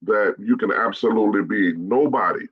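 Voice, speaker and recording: A middle-aged bishop delivers a blunt straight-talk message to fellow pastors, hammering his points home by repeating them. His voice is low and husky. The live-stream audio sounds dull and lo-fi. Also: moderate pace.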